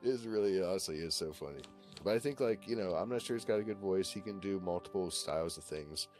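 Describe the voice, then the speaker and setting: A man's voice: sits low, fast, darkish tone, faint music behind. A man from Virginia chatting on a voice call, rambling and swearing, with lots of "you know" and "like". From Virginia, USA. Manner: rambling, profane, full of fillers. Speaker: voice-call participant. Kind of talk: casual chat on a voice call.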